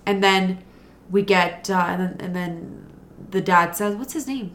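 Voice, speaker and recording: In a lowish, fairly bright voice and an unhurried manner, a female podcast co-host casually walks through a TV episode. Along the way she voices the characters' lines.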